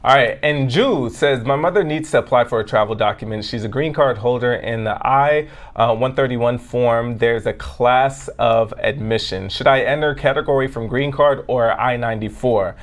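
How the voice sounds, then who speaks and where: Measured man reading viewer questions. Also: medium pitch. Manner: measured, reads out questions carefully. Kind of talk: live web show chat.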